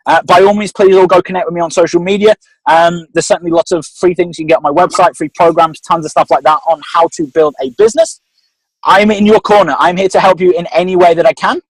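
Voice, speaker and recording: A man's voice: a little high, no room sound, low-quality recording. A man giving a motivational talk on a video call, emphatic and upbeat. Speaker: motivational speaker.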